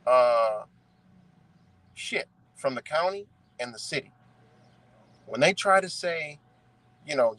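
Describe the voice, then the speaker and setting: A young man from ranting in commentary, profane and animated, often asking "right?". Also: fairly high pitch, no echo, rough recording. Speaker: commentary streamer.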